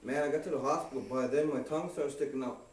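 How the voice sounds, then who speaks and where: A fast-talking man with a steady, darkish mid-range voice rambles through a personal story, cursing freely and tacking "man" onto almost every line. The recording sounds echoey and distant from the mic, with a faint hiss.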